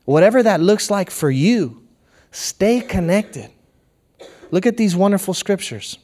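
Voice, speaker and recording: Brief: middle-aged male pastor, slightly higher voice, earnest sermon delivery with hushed storytelling. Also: expressive, normal speed.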